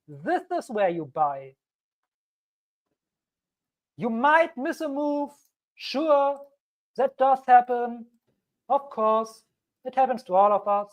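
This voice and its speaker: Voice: mid-range voice, dull audio. A crypto channel host giving emphatic solo commentary on a cheap microphone, repeating key warnings and acting out panicky investors.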